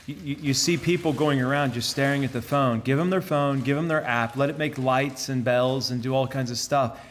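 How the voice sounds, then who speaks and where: A man's voice: mid-range voice, slight background noise. Earnest storytelling friar, a man. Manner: earnest storytelling, often repeats words and restarts. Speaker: friar giving a conference to laypeople. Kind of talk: conversational sermon.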